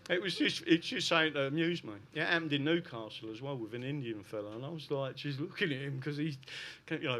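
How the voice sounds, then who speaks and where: A man's voice: fairly high pitch, sharp tone. A man with a South London accent talking emphatically to a live audience, often tagging his points with "right?". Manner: emphatic, keeps adding "right?". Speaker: guest speaker. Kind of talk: live podcast talk to an audience.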